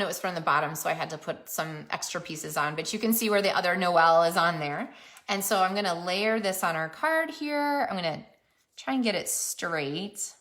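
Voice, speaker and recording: Female crafter, lower-pitched, easygoing chatty tutorial narration. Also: bright, forceful tone. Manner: chatty, self-narrating while working. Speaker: papercraft demonstrator.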